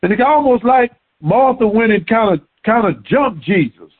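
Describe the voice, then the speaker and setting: A man preaching a sermon in an animated way, repeating words for emphasis. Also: high-pitched, moderate pace, breathy edge. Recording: tinny phone-like sound.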